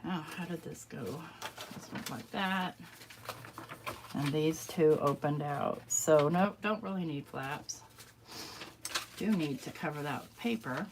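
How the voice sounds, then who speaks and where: Hoarse woman muttering while crafting. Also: sits low, unhurried, long pauses, background noise. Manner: chatty, muttering, self-deprecating. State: losing her voice. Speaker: crafting vlogger. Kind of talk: casual crafting commentary, talking to herself.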